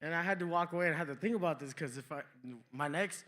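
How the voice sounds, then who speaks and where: A man's voice: a little high, fast talker, bright, forceful tone. A young man from New Mexico doing a stand-up comedy set on a club stage, telling stories in a laid-back way and slipping into quoted voices. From New Mexico, USA.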